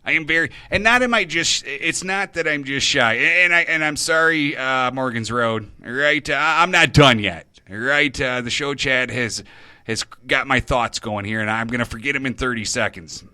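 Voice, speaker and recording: A man's voice: medium pitch, normal speed, sharp tone, clean tone, no room sound. A middle-aged man hosting an internet radio show, rambling nervously about himself in a confessional monologue, stumbling and restarting his sentences.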